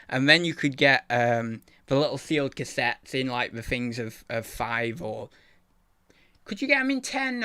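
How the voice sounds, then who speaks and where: A man's voice: medium pitch, pushed and bright, clear, resonant tone. A man hosting his channel, chatting casually and rambling, often losing his thread. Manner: rambling, loses his thread, mild swearing. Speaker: channel host, eBay reseller.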